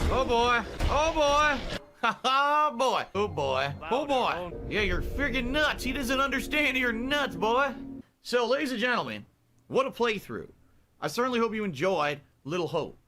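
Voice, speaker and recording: A man's voice: very high-pitched, pitched above the performer's own voice, exaggerated voice. A male streamer doing an old Southern colonel with a put-on Southern accent, drawling and brash while commenting on a game. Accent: put-on American Southern. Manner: drawling, rowdy, brash heckling. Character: folksy old Southern colonel, calls everyone boy.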